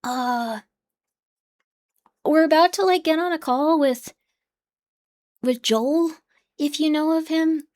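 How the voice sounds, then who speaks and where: A woman's voice: sits high, slow pace, pauses often, darkish tone. A young adult woman streaming live, chatting casually and bubbly, playfully scolding and dropping into whispers.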